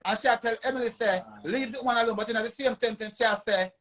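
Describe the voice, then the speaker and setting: A woman with a Jamaican accent rants rapidly, repeating names and phrases for emphasis. Her voice sits high and the words pour out quickly. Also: a bit bright. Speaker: live stream guest. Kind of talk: heated casual rant in patois.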